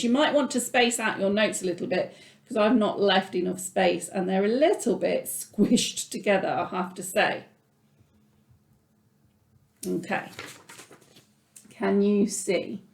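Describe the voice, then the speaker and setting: A woman's voice: mid-range voice, vocal fry. Encouraging woman teaching music in an echoey room. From England. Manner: encouraging, patient, talks through her drawing. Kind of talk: online music lesson for children.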